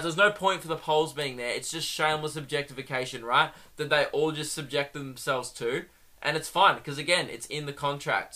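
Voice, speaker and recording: Aussie guy ranting on his comedy podcast, bright ringing voice, kinda high. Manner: animated, mocking impressions, swears freely. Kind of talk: comic monologue.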